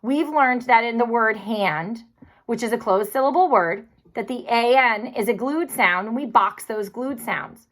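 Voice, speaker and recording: A woman teacher walks young children through a recorded spelling lesson. Her voice is bright and clear, pitched a little high. She speaks slowly and carefully and keeps encouraging them.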